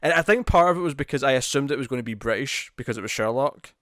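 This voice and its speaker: A male podcast co-host in loose, casual chat, animated and quick to laugh, often breaking off and restarting his sentences. His voice sits at an ordinary middle pitch. The sound is dry and close to the mic. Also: dry recording.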